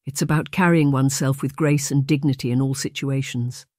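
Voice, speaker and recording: A gentle young governess in an audiobook, as the narrator puts her on, measured and soft-spoken. She picks every word carefully, and the recording is close and dry. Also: rumbling low, fairly even intonation, no room sound. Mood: instructive. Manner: measured, soft-spoken, choosing words with care. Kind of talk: audiobook reading.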